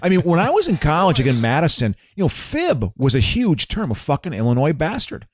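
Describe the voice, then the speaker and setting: A man's voice: a little high, huge pitch swings, a little fast. A man co-hosting a podcast in casual chat, rambling with stops and restarts, swearing and laughing easily. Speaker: podcast co-host.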